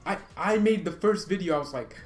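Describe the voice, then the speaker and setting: A man hosting his own channel, chatting casually and excitedly about football, rambling, laughing and poking fun at himself. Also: high voice, a little fast. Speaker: channel host.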